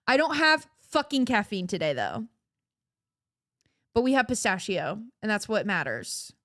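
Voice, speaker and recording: A woman's voice: mid-range voice, very animated, unhurried, fairly bright tone, no echo, studio quality. A woman chatting casually on a live stream, playful and giggly, laughing often, her voice cracking. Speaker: livestreamer.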